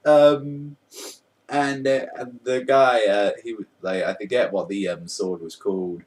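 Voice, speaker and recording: A man's voice: mid-range voice, slow pace, recorded from a distance. A young man casually reviewing a manga chapter, rambling and amused, with lots of fillers.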